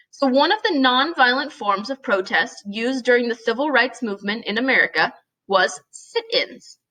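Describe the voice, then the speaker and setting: A woman's voice: a little high, pushed and bright, low-quality recording. A young woman teacher recording a lesson for her students, explaining plainly and checking in with "right?" and "okay?" as she goes.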